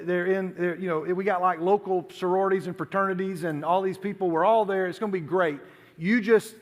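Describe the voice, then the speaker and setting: A man preaching to a youth group, telling stories animatedly and acting out the dialogue. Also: high voice. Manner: animated storytelling, acts out dialogue. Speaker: youth pastor. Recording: long hall reverb.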